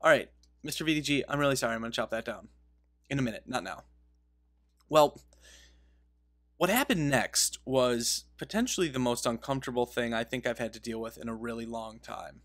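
With a mid-range, slightly bright voice, this man talks fairly quickly and pauses often while giving casual gaming commentary for his videos. He rambles through a story, breaks in on himself, and laughs at his own telling.

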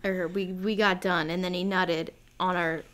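A woman's voice: on the low side, little pitch movement, moderate pace, a bit bright, a little hiss or hum. Matter-of-fact young woman guest. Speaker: podcast guest. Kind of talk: casual chat.

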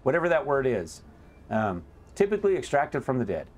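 A man's voice: medium pitch, sing-song, a little fast. A man hosting a gameplay video, talking casually and rambling, often stopping to correct himself. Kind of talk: let's play commentary.

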